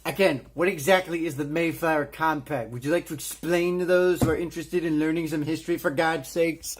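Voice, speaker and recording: A man's voice: a little high, steady tone, brisk. Guy snarking and cursing through a cartoon review, faint music in the back. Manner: sarcastic, profane ranting. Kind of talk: sarcastic comedic review commentary.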